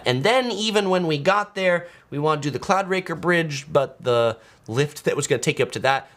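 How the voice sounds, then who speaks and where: A man's voice: mid-range voice, a bit bright. A man chatting casually as a travel vlogger, full of fillers and restarts, reading out viewer comments as he goes. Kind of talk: casual live-stream chat.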